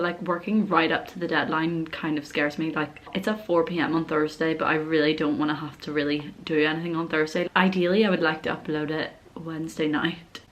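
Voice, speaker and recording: A woman in her twenties, a student chatting casually to camera in an excitable vlog. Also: low voice, a little hiss or hum. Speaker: university student vlogger.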